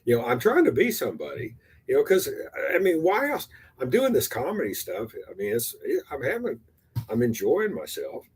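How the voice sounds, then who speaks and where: An older man from Texas, rambling and halting as he chats casually and rehearses his stand-up, poking fun at himself. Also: medium pitch, wildly swooping pitch, breathy edge. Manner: rambling, halting, self-deprecating. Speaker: amateur stand-up comedian.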